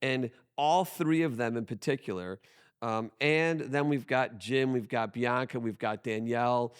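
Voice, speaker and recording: A man's voice: mid-range voice, unhurried, smooth. A man talking as a podcast guest about his business, emphatic and full of restarts. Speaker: guest, tax firm owner. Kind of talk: conversational podcast interview.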